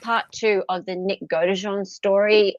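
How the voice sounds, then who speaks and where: An Australian woman co-hosting a casual live stream, chatty and laughing often, with halting restarts. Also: medium pitch, level tone, no echo, lo-fi sound. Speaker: co-host.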